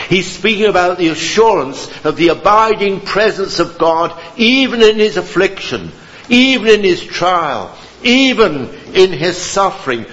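Solemn, slow-preaching man on a dull recording. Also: fairly high pitch. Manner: earnest, slow and solemn, with dramatic rises and hushed drops. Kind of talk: sermon.

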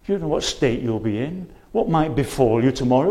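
Speaking fairly quickly, this man has a mellow, animated voice of medium pitch. In his church sermon he presses the congregation with urgent, earnest appeals and repeated rhetorical questions, quoting old-fashioned scripture.

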